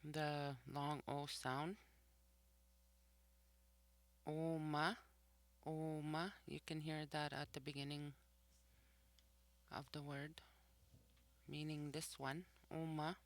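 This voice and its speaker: A language teacher in a recorded vocabulary lesson, who says each word slowly twice and then explains what it means. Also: mid-range voice, little pitch movement. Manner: slow and deliberate, repeats each word twice; explains each word's meaning after saying it.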